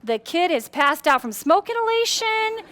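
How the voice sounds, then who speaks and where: A very high-voiced woman leads a lively workshop on personality styles in front of a live audience. She talks quickly and acts out little scenes, her voice jumping up and down, and sometimes repeats a word as she restarts. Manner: animated, acts out quotes with big pitch swings.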